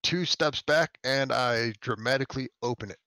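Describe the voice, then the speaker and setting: A man playing in a tabletop game, joking and giving quick commands. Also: mid-range voice, pushed and bright, no room sound. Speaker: player. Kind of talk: casual tabletop game chat.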